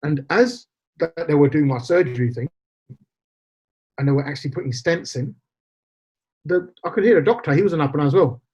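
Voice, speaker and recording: A man's voice: a little high, fairly quick, pauses often, darkish tone, husky. A man, telling a personal story as a podcast guest, acting out quoted dialogue and slipping in Punjabi phrases. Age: 40s. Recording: slightly dull lo-fi podcast audio.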